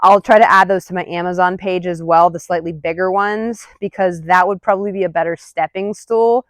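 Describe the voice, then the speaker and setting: A woman dog trainer narrating a training session, murmuring quiet asides and counts, then calling out loud, high-pitched praise to her dog. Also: fairly even intonation, brisk, no echo. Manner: counts softly under her breath. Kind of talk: live commentary during a dog training session.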